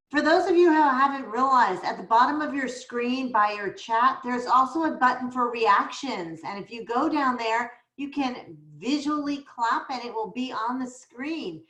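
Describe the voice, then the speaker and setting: A woman's voice: a little high, a bit bright. Upbeat woman hosting, echoey room. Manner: upbeat and welcoming. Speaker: meeting presider. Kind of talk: hosting an online meeting. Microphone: video call. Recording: echoey room on a video call.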